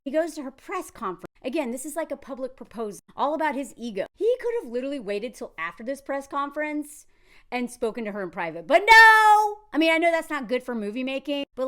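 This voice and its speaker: A woman with a high voice talks through a film in a casual commentary vlog. She is animated and sarcastic, slipping in and out of acted quotes as she goes.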